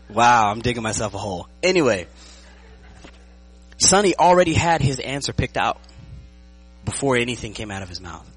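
The audio is poor, and the pastor's husky, medium-pitched voice comes at normal speed with frequent pauses. He preaches in a lively, joking way, regularly making sure the audience is keeping up.

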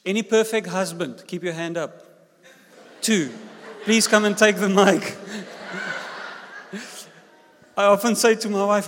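A man, a senior pastor preaching a sermon with jokes and an animated delivery. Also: high voice, unhurried, pauses often. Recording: long hall reverb.

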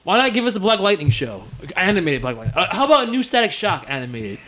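A young man co-hosting a casual chat, animated and swearing, with quick outbursts of disbelief. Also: high voice. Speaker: podcast co-host.

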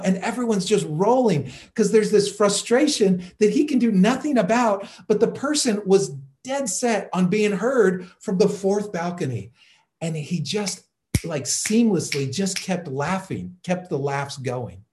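A man preaching a sermon, telling a story with animated delivery and frequent fillers. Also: sits high. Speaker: pastor.

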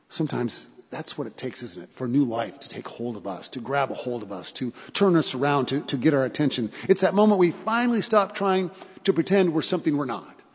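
A man's voice: fairly high pitch, breathy edge, long reverb tail. A male pastor preaching a sermon in an earnest way, repeating phrases for emphasis and asking his congregation questions.

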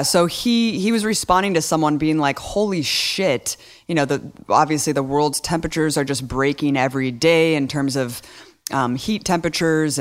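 A man co-hosting a casual political talk show, indignant and sarcastic, stacking rhetorical questions. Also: a little high. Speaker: podcast co-host.

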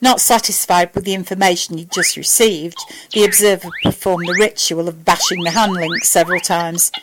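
A woman narrating a fan fiction story in a steady, even way. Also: lowish voice, moderate pace, heavy background noise.

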